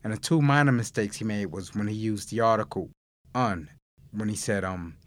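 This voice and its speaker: A man hosting a recorded language course, explaining grammar mistakes and giving listen-and-repeat prompts in a measured, clearly enunciated way. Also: lowish voice. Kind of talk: scripted Spanish lesson narration.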